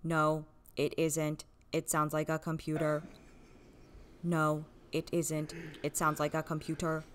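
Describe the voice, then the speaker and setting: A text-to-speech voice playing a monotone computer imitation of a man in a comedy sketch. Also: medium pitch, measured pace, slight background noise, lightly acted. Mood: deadpan. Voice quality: monotone, robotic.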